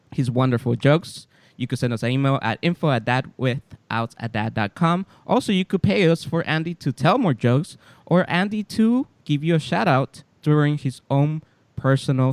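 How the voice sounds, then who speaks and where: A man's voice: on the high side, no room sound. A man with a Latino accent co-hosting a podcast in casual, teasing chat. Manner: joking, teasing. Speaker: podcast co-host.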